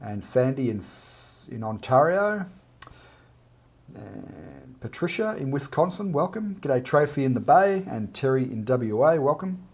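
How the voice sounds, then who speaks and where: A man's voice: mid-range voice, very animated, a little slow, creaky, a little mellow, breathy edge. A man with an Australian accent, hosting a casual live art chat and greeting viewers by name as he reads out their comments.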